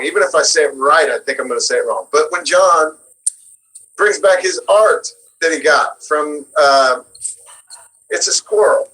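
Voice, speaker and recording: Guest voice actor: bright, lively man, higher voice, storytelling, quick to laugh. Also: rough recording. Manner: animated storyteller, laughs often. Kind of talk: casual interview chat.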